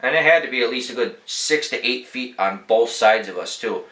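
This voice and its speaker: A young man hosts a podcast, telling laid-back, rambling stories full of profanity. His mid-range voice moves at a normal speed and sounds pushed and bright. The audio is poor, recorded in an echoey room.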